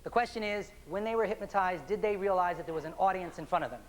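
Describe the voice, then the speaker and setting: A man performing as a stage hypnotist, moving from upbeat showman banter to slow, soothing hypnotic suggestions on stage. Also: sits high. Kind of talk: live hypnosis stage show. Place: stage before a live audience. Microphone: handheld microphone. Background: audience laughter and applause.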